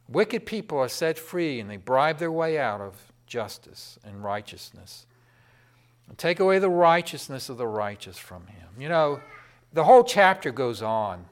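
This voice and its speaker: A man preaching a sermon, swinging between loud, impassioned proclamation and quiet storytelling. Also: medium pitch, sing-song, unhurried.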